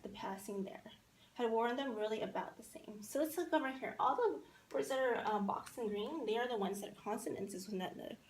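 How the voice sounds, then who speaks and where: A woman giving a classroom poetry lesson, spelling words out and repeating them slowly for young learners. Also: medium pitch, gravelly. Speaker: teacher. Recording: echoey room with faint noise.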